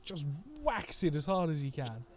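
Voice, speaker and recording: A man playing a tabletop role-playing game, excitable and laughing, swearing as he describes his character's attacks. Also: fairly high pitch, normal speed, a crowd in the background. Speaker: player.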